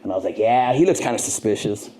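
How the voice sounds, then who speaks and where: A middle-aged man, a podcast guest, telling a long story with lively, profane energy and acting out both sides of the dialogue. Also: fairly low pitch, fast talker, over a noisy crowd. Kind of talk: animated storytelling.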